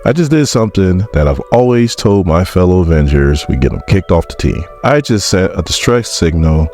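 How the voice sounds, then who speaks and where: A man's voice: low voice, sing-song, moderate pace, darkish tone, soft background music. A man voicing Captain America giving an earnest public speech, in close to his own voice.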